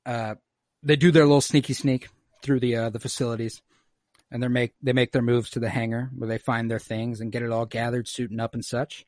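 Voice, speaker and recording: A man's voice: medium pitch, flat delivery, darkish tone, no echo, studio quality. Casual man recapping with profane asides. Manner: loose, profane, acts out lines in quick voices. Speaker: podcast co-host recapping an episode.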